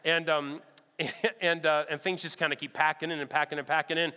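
A man preaching, telling a lively story and acting out the people in it. His voice is slightly high, bright and forceful, with a smooth, resonant tone. It rings out with the long reverb of a large hall. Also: fairly quick. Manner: animated, acts out other people's lines. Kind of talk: sermon storytelling.

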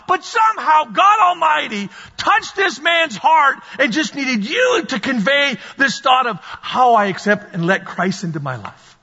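High-voiced pastor guy preaching loud, bright edge, kinda husky, echoey church hall. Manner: animated, shouting at peaks, storytelling. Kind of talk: sermon. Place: church sanctuary. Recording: dull sound in a large reverberant hall.

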